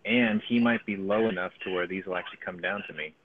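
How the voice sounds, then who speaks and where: A man's voice: deep voice, steady tone, quick pace, narrow, tinny audio, a little hiss or hum. A man giving casual, profane live commentary on his own gameplay, thinking aloud as he plays. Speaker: gaming streamer.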